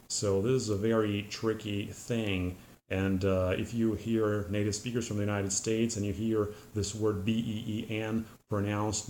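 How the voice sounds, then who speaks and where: A man teaching English pronunciation in a patient, methodical way, pausing often with "uh" as he explains at a whiteboard. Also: on the low side, a little mellow. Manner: patient, methodical, frequent "uh" pauses. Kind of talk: explanatory lesson to camera. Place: room with a whiteboard. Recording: echoey room, faint ambient noise.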